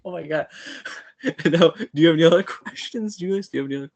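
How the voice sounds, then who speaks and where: A man's voice: on the high side, fast talker, darkish tone, no echo. A man hosting a podcast interview, eager and chatty, often repeating himself. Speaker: podcast host. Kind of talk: casual interview.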